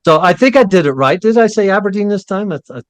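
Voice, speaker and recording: A man hosts a casual interview, his voice sitting a bit high for a man. He rambles and trips over his words, laughing at himself. The sound is close and dry, with no room around it. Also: expressive, quick pace, no echo. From Ohio, USA. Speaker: host.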